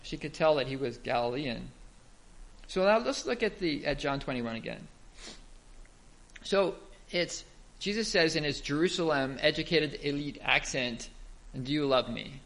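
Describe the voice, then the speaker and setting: A man's voice: a little high, lively intonation, moderate pace, gravelly, a bit bright. A man giving a Bible teaching talk, explaining step by step and asking the listeners rhetorical questions.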